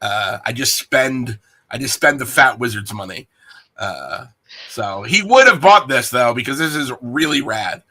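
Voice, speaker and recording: A man's voice: mid-range voice, expressive, a little slow, bright, forceful tone, husky. A man hosting a casual stream, playful and rambling, joking with his guest. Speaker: host. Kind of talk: casual livestream chat.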